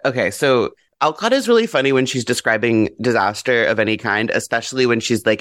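A man of middle pitch chats as a podcast guest about a book, animated and blunt, with casual swearing. He acts out quoted lines with sudden jumps in pitch. The sound is close and dry. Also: fairly quick, hardly any pauses, no echo.

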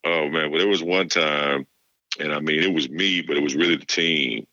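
Brief: middle-aged male guest, extremely deep gravelly voice, dry dull lo-fi sound. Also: normal speed, dry recording. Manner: relaxed storyteller, acts out quoted dialogue. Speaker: former player, guest. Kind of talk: casual interview storytelling.

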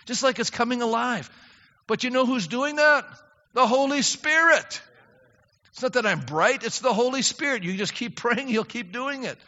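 An older male pastor delivers an earnest, emphatic sermon, his voice high for a man and bright. The sound is dull and lo-fi, with long reverb rolling around the hall. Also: lively intonation, normal speed. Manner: earnest, emphatic preaching that rises to fervent prayer. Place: church sanctuary.

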